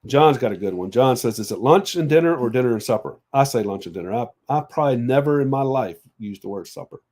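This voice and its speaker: A man at an ordinary mid pitch, co-hosting a relaxed live stream. He chats easily and reads viewer comments out loud as he goes. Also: quick pace. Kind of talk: casual live-stream chat.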